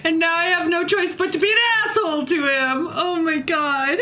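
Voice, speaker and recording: A woman in her fifties playing a game on stream, animated and self-mocking, swearing freely as she reacts. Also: very high-pitched, moderate pace, a little hiss or hum. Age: 50s. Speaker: gaming streamer. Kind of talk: let's-play commentary.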